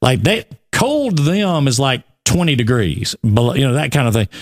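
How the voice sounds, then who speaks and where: A Southern man in his forties chatting casually as a co-host, telling animated stories full of fillers. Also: medium pitch, normal speed. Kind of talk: casual chat.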